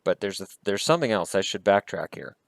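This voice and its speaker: Low-voiced man ranting about hockey. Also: very animated, fairly quick, gravelly, no room sound. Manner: heated, blunt and profane. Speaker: hockey vlogger. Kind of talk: casual opinion rant.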